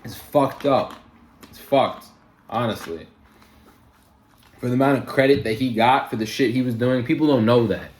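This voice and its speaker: A man's voice: mid-range voice, normal speed, pauses often. Young guy venting a storytime vlog, mid voice, swears a lot, echoey room. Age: young adult. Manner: casual, heated, swearing, many fillers. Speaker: vlogger.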